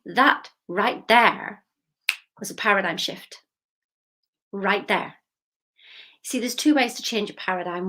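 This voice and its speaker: A motivational coach tells a story in a chatty way, asking listeners questions and dropping to a whisper for emphasis. Her voice is medium-pitched and a bit bright.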